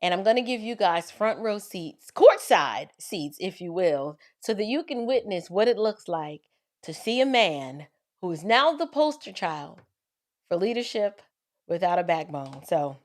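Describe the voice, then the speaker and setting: A woman's voice: on the low side, sing-song, measured pace. A woman hosting an opinionated commentary vlog, speaking with sarcastic, mocking emphasis. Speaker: commentary host.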